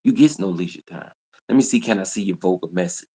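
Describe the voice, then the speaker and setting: A livestream host with a deep, mellow, slightly rough voice rants at his viewers, scolding them in a repetitive, confrontational monologue. He speaks fast and with lots of energy.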